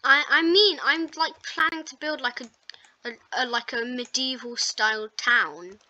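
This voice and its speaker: A woman's voice: high voice, unhurried, bright, forceful tone. A woman hosting a gaming video, chatting casually and rambling with self-mocking asides while she plays. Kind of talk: casual gameplay commentary.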